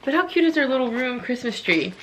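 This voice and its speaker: A woman's voice: sits high, big pitch swings, fast talker, slight background noise, rough recording. A young woman vlogging at home in a casual, chatty way, often laughing and filling with "like". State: out of breath from working out. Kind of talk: casual chat to camera. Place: home living room.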